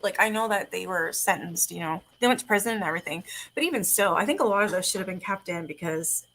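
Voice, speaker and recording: A woman's voice: medium pitch, a bit bright, low-quality recording. A young adult woman hosting a casual livestream chat, talkative, laughing often and swearing casually. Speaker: host.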